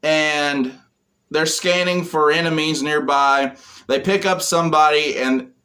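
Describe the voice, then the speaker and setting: A man's voice: a little high, fairly even intonation, a little slow, bright, forceful tone. A man giving a casual spoken comic book review, retelling the plot in a rambling way with lots of fillers.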